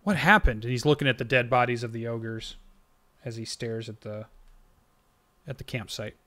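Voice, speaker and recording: A man's voice: medium pitch, moderate pace. A man running a tabletop fantasy game as dungeon master, narrating with lots of ums and restarts. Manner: relaxed, filler-heavy narration.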